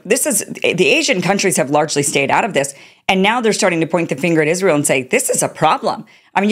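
A woman hosting political commentary, talking in an indignant, sarcastic way. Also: medium pitch. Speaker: commentary host.

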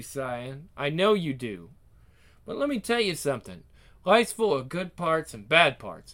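Man voicing a motherly woman, soft and reassuring, lively lilt, one-man reading. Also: fairly high pitch. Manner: gentle, reassuring.

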